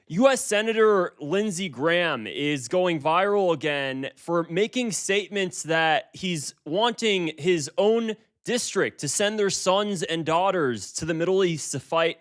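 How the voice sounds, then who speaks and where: A man's voice: a little high, a bit bright. A man in his twenties giving casual political commentary, emphatic and repeating himself with frequent restarts. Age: 20s.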